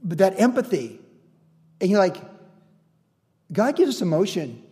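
A man preaching a sermon in an animated, conversational way, often acting out quoted voices. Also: high-pitched, measured pace, long reverb tail. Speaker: pastor.

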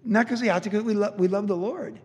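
A man pastor giving a conversational, animated sermon, telling stories with frequent restarts. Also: high voice, fast talker. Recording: long reverb of a church hall.

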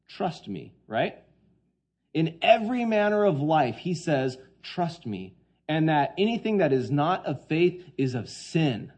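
A man preaching a sermon, swinging between hushed quoted lines and loud, emphatic points. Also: a little high, husky.

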